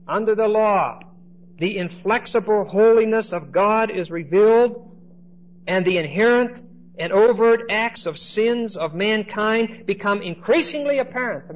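A man teaching a Bible class in lecture style, often checking in with his listeners by asking "okay?". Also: high-pitched. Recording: dull lo-fi recording with faint noise.

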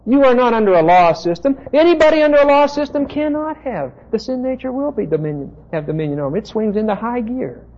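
Captured on a dull lo-fi tape, a preacher teaches from the Bible in an insistent, emphatic manner, with asides to his listeners. His very high-pitched voice is expressive, a little mellow, and fast, with hardly any pauses.

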